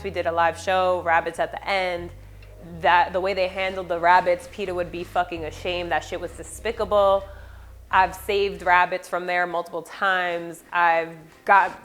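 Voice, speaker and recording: A woman, a former party clown telling stories in a casual vlog, profane and animated, with sound-effect fillers. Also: lowish voice.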